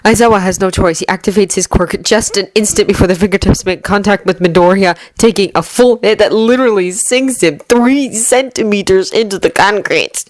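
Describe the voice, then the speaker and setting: A woman narrating a fanfiction audiobook with steady, measured storytelling. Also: medium pitch, no room sound. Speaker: fanfiction reader.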